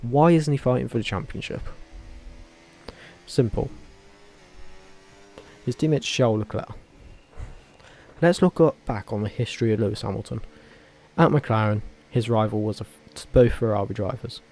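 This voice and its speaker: A man vlogging casually, talking in a rambling, animated way with frequent self-corrections and tangents. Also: medium pitch, normal speed, long pauses. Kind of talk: casual opinionated commentary.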